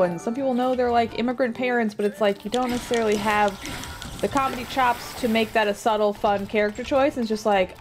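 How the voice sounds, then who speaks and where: A woman livestreamer chatting casually while she plays, rambling along with lots of fillers and quick asides. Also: a little high, music in the background. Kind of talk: casual chat while gaming.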